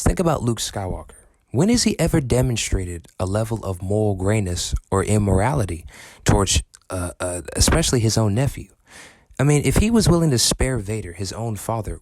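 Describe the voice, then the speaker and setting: A man's voice: on the low side, a little mellow, no echo. A man ranting in an angry, profane and sarcastic way in a commentary video. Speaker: film commentary vlogger.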